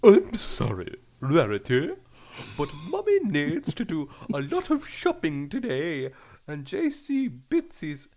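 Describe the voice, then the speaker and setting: A woman's voice: sits low, wildly swooping pitch, slow pace, dark tone, exaggerated voice. A woman voicing a prim mother pony in a put-on British accent.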